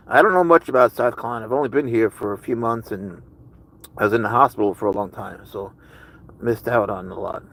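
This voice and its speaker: A man's voice: lowish voice, gravelly, a little hiss or hum, poor audio. A man hosting a casual livestream with his cat, rambling chattily and answering viewers' chat messages. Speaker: livestream host with pet cat.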